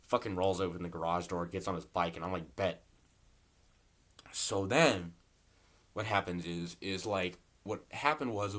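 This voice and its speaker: A young man with a fairly low voice tells a long, rambling story in his bedroom. He swears freely and fills every line with "like" and "bro", loose and casual from start to finish. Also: a bit bright. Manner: rambling and profane, heavy on "like" and "bro". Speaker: storytelling vlogger.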